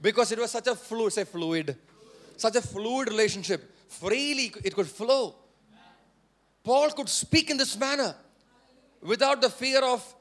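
A male pastor with an Indian English accent preaching a sermon, repeating phrases and prompting the congregation to say words back, rising to forceful emphasis. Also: sits high, moderate pace. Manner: repetitive, call-and-response preaching.

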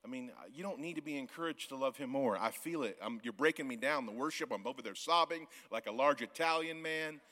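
A man in his forties, a guest pastor from the Missouri Ozarks, preaching a sermon in a church auditorium, loud and yelling, often laughing. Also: mid-range voice, fairly quick, few pauses. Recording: long church hall reverb.

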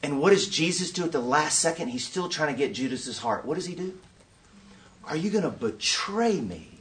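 A man giving a preaching-style conference talk, an animated storyteller who acts out scenes and asks the audience rhetorical questions. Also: fairly high pitch, fast talker, distant mic. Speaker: workshop speaker at a conference.

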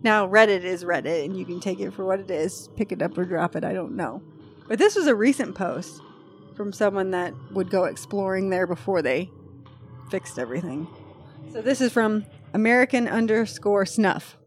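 A woman's voice: mid-range voice, animated, moderate pace. A woman hosting a podcast in casual chat, reading a post aloud with chatty, freely swearing asides. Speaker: podcast host.

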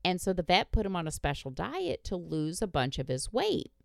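A woman podcast host tells a story in casual chat, blunt and quick to swear. Her voice sits low but swings widely in pitch. The sound is dry and close, with no room behind it. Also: sing-song, vocal fry, a little mellow, no room sound. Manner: blunt, swears freely, laughs through the story.

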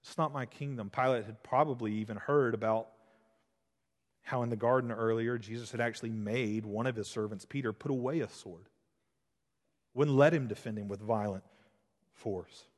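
A man preaching an expository sermon as pastor, shifting between loud emphasis and hushed, intense passages. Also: medium pitch, moderate pace. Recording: long hall reverb.

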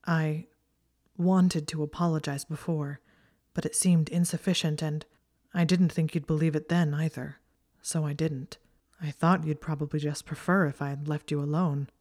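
A woman voicing a guarded young wizard who apologizes quietly and intensely, often under his breath. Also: low-pitched, steady tone, moderate pace.

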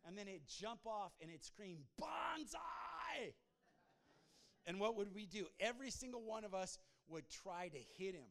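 High-voiced fervent preaching man. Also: normal speed, hardly any pauses. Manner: fervent preaching with repeated words and swings in loudness. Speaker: pastor. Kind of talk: sermon.

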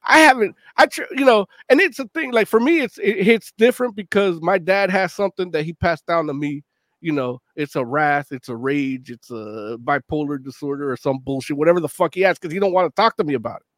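A man in his late thirties chatting on a podcast, swearing freely, laughing often, talking in animated bursts. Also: fairly high pitch, brisk, dry recording. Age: late 30s. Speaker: podcast co-host. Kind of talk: casual chat.

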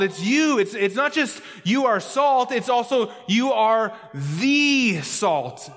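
A man's voice: high-pitched, fairly bright tone. A male pastor preaching a sermon, stressing key words by repeating them. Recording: long hall reverb.

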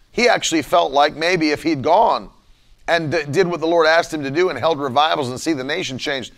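A man's voice: on the high side, gravelly, fairly bright tone. A man preaching a livestreamed sermon, fervently repeating lines with rising emphasis.

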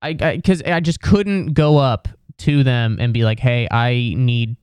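Smooth-voiced man ranting casually. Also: a little high, animated, unhurried, a little mellow, dry recording. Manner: rambling, exasperated, profane. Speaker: storyteller. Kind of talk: casual comedic rant.

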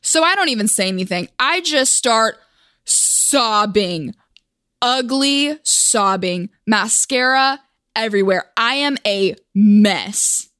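A woman's voice: a little high, expressive, slow, a bit bright, no echo, studio quality. A young woman from Oklahoma telling a personal story for a vlog in a wry, self-mocking, chatty way.

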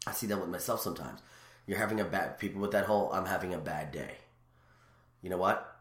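A man's voice: low voice, fast, echoey room. A man chatting casually as a guest, telling rambling stories full of restarts. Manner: rambling, animated storyteller with many restarts. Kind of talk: casual chat.

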